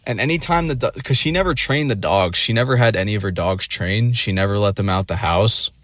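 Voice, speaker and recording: Rambling, profane young man, lowish voice. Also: a little fast, fairly bright tone, no room sound. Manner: rambling, profane, many fillers. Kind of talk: casual rant.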